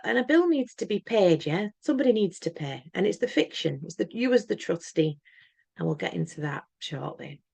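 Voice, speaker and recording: A woman's voice: mid-range voice, creaky, darkish tone, dry recording. A woman talking in an earnest, emphatic monologue to camera, rambling and often restarting her words. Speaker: channel host.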